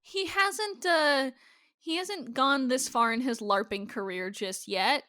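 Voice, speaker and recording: A woman co-hosting a podcast, chatting casually about a TV episode, animated and laughing as she acts out quotes. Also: sits high, takes it slowly, smooth. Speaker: podcast co-host. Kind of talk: casual chat recapping a TV episode.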